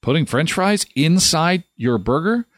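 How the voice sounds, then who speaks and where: A man's voice: fairly high pitch, lively intonation, no echo, studio quality. Jokey rambling male talk-show host. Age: 50s. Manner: rambling, jokey storyteller with quick asides. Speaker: host of a daily live show. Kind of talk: casual solo talk show.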